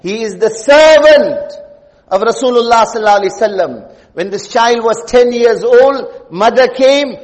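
High-voiced male preacher in a reverberant hall. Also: animated, normal speed. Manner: emphatic, rhetorical questions, repeats key phrases. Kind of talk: Friday sermon. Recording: long reverb of a large hall.

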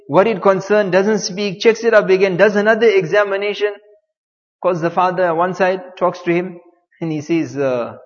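A man's voice: sits high, in a large hall, highs cut off. A man preaching, telling a story in a sermon, repeating phrases and using Arabic religious terms.

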